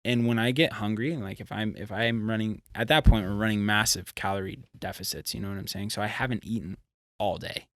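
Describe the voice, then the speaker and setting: A young man from California, a podcast guest, telling a road story in a casual, profane, animated way. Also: on the low side, fairly quick, few pauses, no echo, clean studio sound. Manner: animated, profane, acts out quotes.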